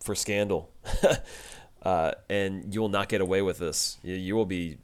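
A man's voice: low voice, fairly even intonation, moderate pace, clean tone. A man co-hosting a casual podcast, quoting favorite lines and laughing often. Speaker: podcast co-host. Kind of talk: casual recap chat.

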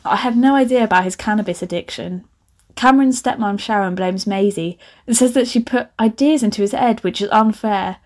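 A woman reading her own teen story aloud, voicing a posh, quiet teenage schoolgirl in an exaggerated posh voice. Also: medium pitch, a little fast, close to an everyday voice. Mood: prim.

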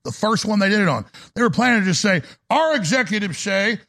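A man hosting a live call-in talk show, ranting in a fiery, rapid-fire way. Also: high-pitched, very animated, vocal fry, bright, forceful tone, slight background noise.

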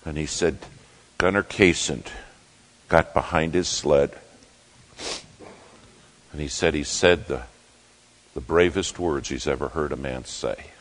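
Slow, deep-voiced man telling a story. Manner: slow, deep-voiced storyteller acting out quotes, shouting dog commands. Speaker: preacher. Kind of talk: dramatic sermon storytelling.

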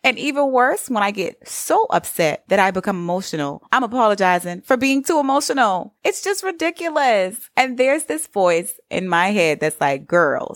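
A woman's voice: mid-range voice, no room sound, studio quality. A middle-aged woman, hosting a solo podcast and talking in an encouraging, conversational way. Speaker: podcast host. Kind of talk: solo motivational podcast talk.

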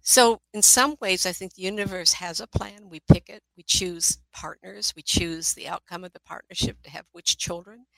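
Animated middle-aged woman psychic telling stories. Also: lowish voice, moderate pace, vocal fry, few pauses, no echo, low-quality recording. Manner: animated, laughing often, drifting into asides. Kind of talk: storytelling talk.

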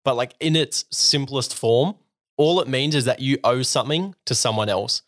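A man's voice: mid-range voice, normal speed, fairly bright tone, no echo, studio quality. Earnest rambling young man. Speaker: podcast co-host. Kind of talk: casual faith discussion.

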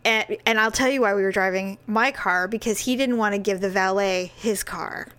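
A woman's voice: mid-range voice, normal speed, smooth. A woman in her forties co-hosting a casual talk show, telling a story with lots of swearing and acted-out quotes. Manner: animated storyteller, swears freely, acts out quotes. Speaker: podcast co-host. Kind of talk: candid casual chat.

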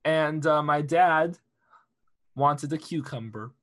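A young man chatting on a casual podcast, his voice high and bright. He tells stories with a lot of energy, laughing often and cursing freely. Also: takes it slowly. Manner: animated storyteller, laughs often, swears freely. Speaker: podcast co-host.

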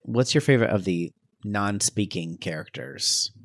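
A man co-hosting a podcast, easygoing in casual chat and brisk when reading the show's plugs. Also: on the low side, animated, creaky. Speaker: podcast co-host.

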